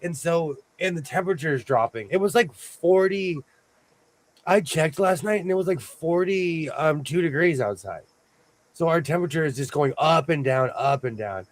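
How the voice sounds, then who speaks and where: A man's voice: fairly high pitch, normal speed. Chatty man hosting a sewing stream. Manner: chatty, animated storytelling with playful asides. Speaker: host of a sewing show. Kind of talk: casual livestream chat.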